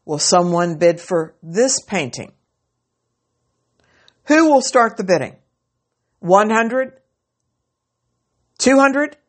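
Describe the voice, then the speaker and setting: An insistent auctioneer calls for bids in a lifted, urgent voice that climbs well above the storyteller's own register, as a woman reads him aloud. He presses the room over and over, slow and drawn out. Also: medium pitch, expressive, voice pushed up. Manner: calling out bids in a raised, pressing voice. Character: insistent male auctioneer at an estate sale.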